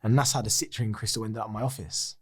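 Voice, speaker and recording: A man's voice: fairly low pitch, fast talker, breathy edge. A man, a podcast guest telling a personal story in a casual, candid way, swearing freely and acting out what others said. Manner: swears freely, acts out other people's lines; animated, excitable retelling.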